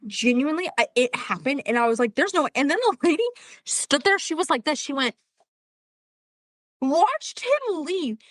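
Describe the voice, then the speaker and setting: A woman co-hosting a podcast, telling stories in a casual chat, animated and laughing often. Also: high voice, moderate pace, no echo. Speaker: podcast co-host.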